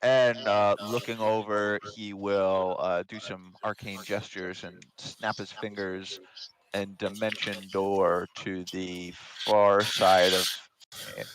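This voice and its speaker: A man's voice: fairly low pitch, flat delivery, takes it slowly, crowd noise. A man playing a tabletop game, thinking aloud as he describes his character's moves. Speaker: player.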